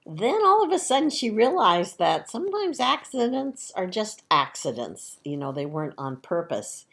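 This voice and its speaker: A woman leading children's time at church, explaining a story to kids in a gentle, chatty children's sermon. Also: medium pitch, sing-song, normal speed, gravelly.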